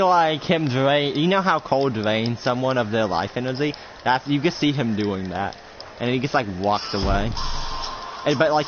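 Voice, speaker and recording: Guy game-mastering a roleplay, rambly, lots of likes, lively pitch, lo-fi with music behind. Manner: rambling, full of "like" fillers, swearing. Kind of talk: narrating a casual role-play game.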